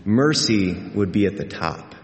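A man preaches a sermon, earnest and emphatic, repeating his key lines for weight. He speaks at a slow, deliberate pace. His voice rings through a roomy sanctuary with a long, trailing reverb. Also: on the low side, animated. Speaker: pastor. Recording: echoey hall with long reverb.

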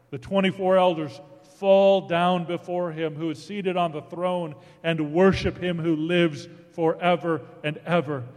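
Man, preacher, dramatic scripture reading, hushed to booming, fairly high voice, long reverb of a big hall. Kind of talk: sermon reading scripture aloud.

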